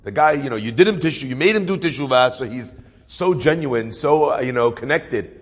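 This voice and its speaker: A man telling a story in a lively sermon, with asides, acting out voices. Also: mid-range voice, a little fast, big-room sound. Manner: animated storyteller with asides and laughs.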